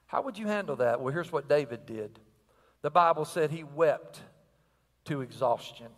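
A man's voice: high voice, in a large hall. An older man preaching a sermon with energy and rhythm, asking the crowd questions and repeating phrases. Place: church sanctuary.

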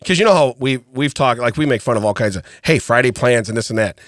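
A man's voice: medium pitch, quick pace, dry recording, clean studio sound. A middle-aged man co-hosting a podcast, telling a story with lots of laughs and frequent "okay?" asides. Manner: animated storyteller, laughs often, says "okay?" a lot. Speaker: podcast co-host. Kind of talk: casual comedic chat. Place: podcast studio. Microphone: studio mic.

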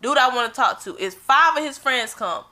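A woman's voice: high-pitched, lively intonation, fairly quick, pushed and bright. A young woman talking bluntly and emphatically in a casual chat, swearing freely.

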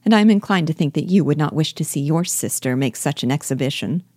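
A woman reading aloud, voicing a snobbish, mocking young lady with scornful, drawn-out emphasis. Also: sits low, expressive, mellow, dry recording, clean studio sound. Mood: arch. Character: sneering snobbish young lady, Miss Bingley.

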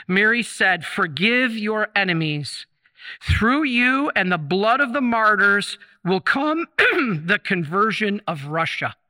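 A man preaching a sermon in a chapel, impassioned and emphatic, slowing down to stress key phrases. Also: sits high, pushed and bright. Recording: long chapel reverb.

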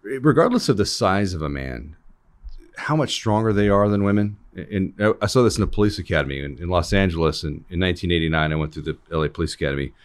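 Deep-voiced middle-aged man making points. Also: animated, quick pace. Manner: argumentative, tells personal anecdotes. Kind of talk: casual conversation.

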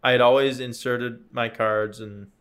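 A man's voice: mid-range voice, a little slow, smooth. A young man in casual chat, telling stories animatedly and acting out the people in them. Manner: animated storyteller, acts out beeps and quotes.

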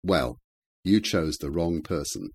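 A man voicing a quiet, determined man speaking firmly in an audiobook reading. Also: extremely low pitch, lively intonation, slow pace, slightly rough, full character voice. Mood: scornful. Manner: quiet, firm. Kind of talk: audiobook character voice.

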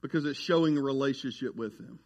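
A man's voice: mid-range voice, fast talker, lo-fi sound. A man preaching a casual, folksy sermon as a pastor, often asking "right?" and addressing the crowd as y'all.

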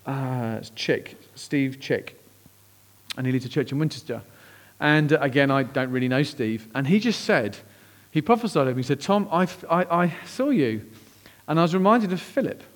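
Male pastor in the pulpit; slightly higher voice, quiet and slow in the tender parts, bursts high and loud in the excited parts. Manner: animated, acts out quoted voices with big pitch jumps; drops to hushed, slow tones at emotional moments. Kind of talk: sermon storytelling.

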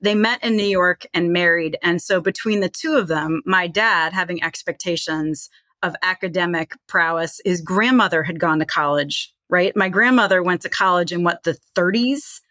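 A woman's voice: lowish voice, moderate pace, sharp tone, dry recording. A middle-aged woman from Virginia with a Midwestern accent, chatting as an interview guest with lots of fillers. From Charlottesville, Virginia. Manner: chatty, many "like" and "you know" fillers. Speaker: guest, tech CEO. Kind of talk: casual interview talk.

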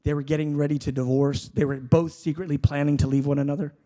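A man preaching a sermon, swinging between fervent shouted appeals and hushed, conversational storytelling. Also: fairly high pitch, level tone, fast talker. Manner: conversational, self-deprecating anecdotes.

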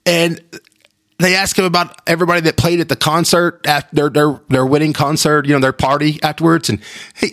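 A man's voice: fairly high pitch, little pitch movement, brisk, fairly bright tone. Rambling, chatty podcast host man. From Texas. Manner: chatty, rambling storyteller with frequent restarts and laughs. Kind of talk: casual solo podcast chat.

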